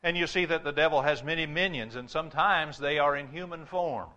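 A man preaching a sermon, emphatic, dropping low and slow for his warnings. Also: sharp tone, dull audio. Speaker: pastor.

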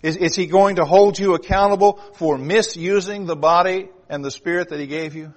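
A man's voice: high-pitched, a little fast. Emphatic preacher man. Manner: emphatic, rising and dropping for emphasis; asks the congregation direct questions. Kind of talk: sermon.

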